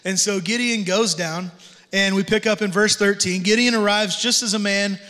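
Heard first is a long reverb tail, as a man preaches from a church stage. His voice sits high and sounds bright and sharp. He tells the story like a joking, casual pastor and throws in slang. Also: fairly even intonation, moderate pace. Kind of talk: sermon. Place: church sanctuary.

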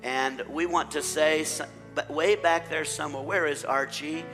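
A middle-aged man leading a church service as pastor, praying and welcoming his congregation, his voice rising and growing louder when he rallies the room. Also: a little high, steady tone, normal speed. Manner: warm pulpit delivery, rising loud when rallying the congregation. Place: church sanctuary. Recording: long church reverb with faint instrumental music.

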